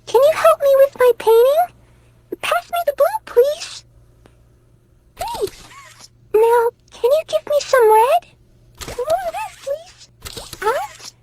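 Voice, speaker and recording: A woman's voice: very high voice, lively intonation, slow, pauses often, exaggerated voice. Woman doing a fussy cartoon unicorn painter. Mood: demanding. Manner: demanding, suspicious, loud. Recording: loud background noise.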